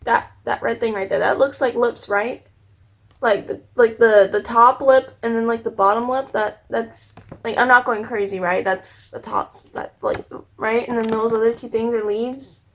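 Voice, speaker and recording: A woman's voice: on the high side, steady tone, moderate pace. A young woman vlogging a casual beauty-product unboxing, giggly and rambling with lots of fillers. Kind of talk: casual chat. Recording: echoey room with faint noise.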